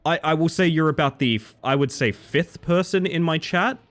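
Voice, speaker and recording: A man live-streaming a game, reading chat aloud and joking, swinging between excited yelps and low mutters. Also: normal speed. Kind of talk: casual live-stream chat while gaming.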